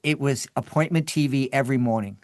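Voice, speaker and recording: A man recounting an old story as a podcast guest, his mid-range voice swinging with animated energy. He restarts and repeats words as he goes. The sound is dry and close, with no room around it. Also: mid-range voice, quick pace, no room sound. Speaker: podcast guest, children's podcast creator. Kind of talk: storytelling in an interview.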